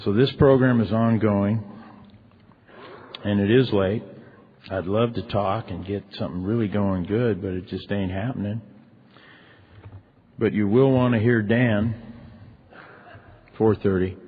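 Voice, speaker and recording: A middle-aged man tells his own story from the stage of a large convention ballroom, candid and chatty, full of "you know" and "man". His voice sits on the low side and sounds husky. The recording is thin and phone-like, with a long reverb trailing off the hall. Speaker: recovery meeting speaker. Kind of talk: personal story told from a stage.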